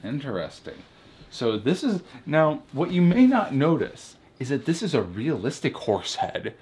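Young man mock-reviewing ornaments, lively pitch. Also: measured pace, husky. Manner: mock-serious, rambling asides. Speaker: comedy vlogger. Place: home beside a Christmas tree. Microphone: camera held by a friend.

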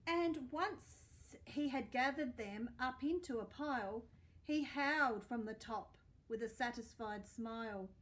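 A woman librarian reading a picture book aloud to children, expressive and asking questions as she goes. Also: fairly high pitch, measured pace. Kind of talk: storytime read-aloud for children.

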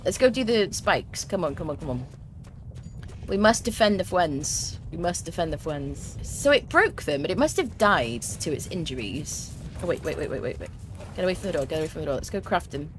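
A young woman streaming a video game, chatting excitably to the creatures and her viewers as she plays. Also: low-pitched, a little fast, a little hiss or hum. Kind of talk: let's play commentary. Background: faint game music.

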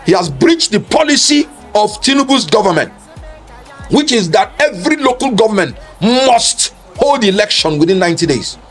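A man's voice: high-pitched, big pitch swings, normal speed, faint music behind. Emphatic man lecturing on law. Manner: emphatic, argumentative, lecturing with rhetorical questions. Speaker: legal commentator. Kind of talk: public speech on law.

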